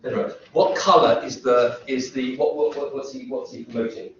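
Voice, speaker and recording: A man's voice: mid-range voice, steady tone, brisk, slight background noise. A man giving a university lecture, rambling and asking the students lots of questions. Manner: rambling, self-interrupting, asks rhetorical questions. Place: lecture room. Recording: echoey lecture hall from far off, dull sound.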